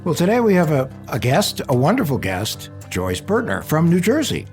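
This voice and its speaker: A man co-hosting a podcast about scams, talking in a lively, jokey way. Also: fairly high pitch, moderate pace, faint music behind. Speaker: podcast co-host. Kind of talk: casual podcast chat.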